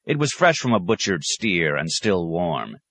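Deep-voiced male audiobook narrator. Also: husky, dry recording. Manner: measured, even storytelling. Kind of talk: scripted narration.

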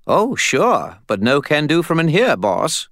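A man's voice: fairly high pitch, wildly swooping pitch, a little slow, a bit bright, no room sound, studio quality, pitched above the performer's own voice, full character voice. A man voicing a flippant, wisecracking male skull spirit in an audiobook. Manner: flippant, playful.

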